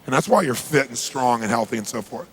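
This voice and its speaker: A man's voice: mid-range voice, expressive, quick pace, fairly bright tone, slight background noise, low-quality recording. A man giving a motivational talk, telling a story with emphatic, punchy delivery and acting out conversations. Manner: emphatic, punchy, acts out quoted exchanges. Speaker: motivational speaker.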